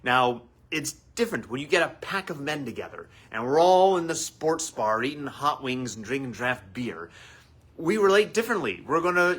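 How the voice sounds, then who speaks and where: Animated, husky-voiced male therapist. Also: mid-range voice. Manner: animated, acts out quoted voices. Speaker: family therapist host. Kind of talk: live advice talk.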